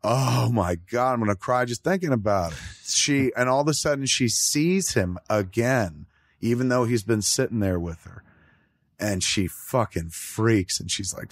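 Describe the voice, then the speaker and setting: A middle-aged man hosting a casual chat, talking in an animated, profane way and acting out lines in quoted voices. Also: medium pitch, a little slow, no echo, studio quality. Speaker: podcast host.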